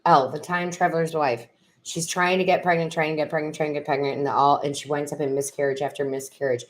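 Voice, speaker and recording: A woman's voice: deep voice, fairly even intonation, fast. A woman tarot reader and medium reading cards on a live stream from her home, effusive and emotional, talking into her computer's built-in mic. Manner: emotional, effusive, tearful exclamations. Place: home room. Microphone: built-in computer camera mic.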